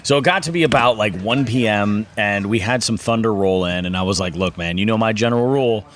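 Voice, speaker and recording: A man's voice: fairly low pitch, a little fast, fairly bright tone. Rambling man hosting a fishing show. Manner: rambling, with many fillers and restarts. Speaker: fishing podcast host. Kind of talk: casual chat.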